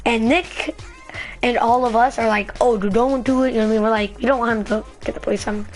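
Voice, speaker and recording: Rambling high-voiced woman vlogger. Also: fast, soft background music. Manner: rambling, filler-heavy, excitable storytelling. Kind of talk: casual storytelling vlog.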